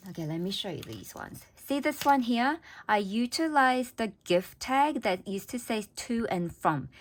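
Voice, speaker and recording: A woman vlogger casually walking through her handmade craft pieces in a chatty, enthusiastic way, with frequent ums and small restarts. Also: medium pitch. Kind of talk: casual show-and-tell narration.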